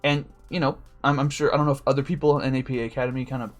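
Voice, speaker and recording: A man's voice: mid-range voice, level tone, rapid-fire, faint music behind. A man giving a casual, unscripted rundown of his team as a league coach, loose and profane with lots of fillers. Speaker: competitive Pokemon league coach.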